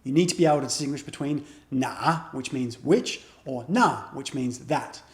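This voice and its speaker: Man teaching slowly, roomy sound. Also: medium pitch. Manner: explains slowly, repeats model phrases carefully. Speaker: language teacher. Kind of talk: beginner language lesson.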